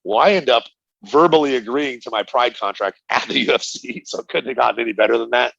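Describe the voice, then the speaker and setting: A man's voice: medium pitch, fast talker, gravelly, a bit bright, no room sound, dull audio. A middle-aged man, a former fighter, telling stories animatedly in an interview, acting out the dialogue and laughing often. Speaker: interview guest, retired fighter. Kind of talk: casual storytelling interview.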